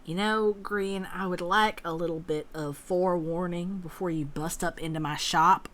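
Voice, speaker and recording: A woman's voice: fairly low pitch, steady tone, fairly bright tone, lightly acted. A woman voicing a tired male shopkeeper with a heavy Southern US accent in a tabletop game. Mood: weary. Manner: slow, tired, sighing. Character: weary grown male shopkeeper.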